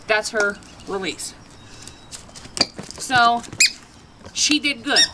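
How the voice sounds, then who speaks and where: A woman vlogging a casual dog training demonstration, chatty, breaking into high sing-song praise for her dogs. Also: drawn-out words, very noisy.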